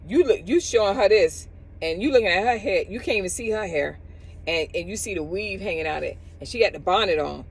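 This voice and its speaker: Outdoors, a middle-aged woman who works as a cosmetologist offers casual advice, lively and voicing others in quotes. She speaks low with vocal fry, over a rough recording with slight background noise.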